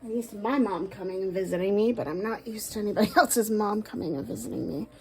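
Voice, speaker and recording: A woman doing a casual tarot reading, talking aloud to a spirit, with sighs, pauses and soft asides. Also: medium pitch, a little hiss or hum. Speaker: tarot card reader.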